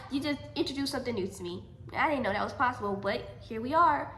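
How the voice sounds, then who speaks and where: A young adult woman telling a personal story in a storytime vlog, animated and emphatic, often repeating her lines. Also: high voice, quick pace, few pauses, a little hiss or hum. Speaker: vlogger. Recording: echoey room.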